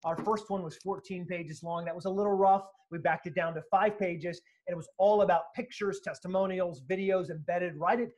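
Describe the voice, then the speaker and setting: High-voiced, animated man telling sales stories. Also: normal speed, few pauses. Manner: animated, emphatic, acts out quotes, occasional profanity. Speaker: sales speaker and author, guest. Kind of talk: energetic interview storytelling.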